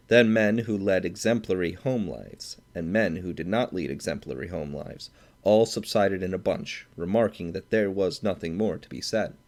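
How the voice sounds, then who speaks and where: A man narrating a classic short story aloud in a measured, steady audiobook reading. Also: sits low. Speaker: audiobook reader.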